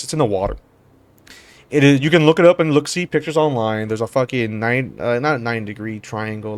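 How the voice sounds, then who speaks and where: A man giving casual, rambling commentary while he plays a game, slangy and profane, jumping between stories and reactions. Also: medium pitch. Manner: rambling, profane, slangy, calls listeners brother. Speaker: gamer and commentator.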